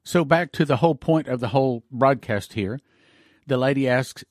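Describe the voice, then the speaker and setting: A man's voice: mid-range voice, lively intonation, fairly quick, dry recording, clean studio sound. A man hosting a ministry broadcast, preaching informally and appealing for support, rambling with restarts and emotional asides. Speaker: host of a prophecy ministry broadcast.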